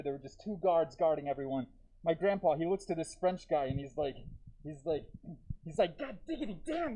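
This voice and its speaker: A man performing a live stand-up set with dark, deadpan jokes and self-aware asides to the audience, talking through a deer mask. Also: a little high, low-quality recording. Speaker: stand-up comedian. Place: comedy theater stage.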